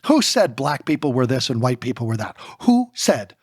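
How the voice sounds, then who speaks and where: A man co-authoring a book, talking in an animated way in a podcast discussion and firing off rapid rhetorical questions. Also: medium pitch, breathy edge, no echo, studio quality. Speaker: co-author and speaker.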